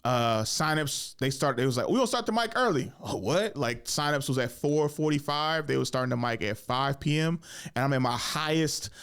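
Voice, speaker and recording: Animated young man telling stories. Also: mid-range voice, moderate pace, clear, resonant tone. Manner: animated storyteller, swears a lot, acts out voices. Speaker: podcast host and stand-up comedian. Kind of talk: casual storytelling chat.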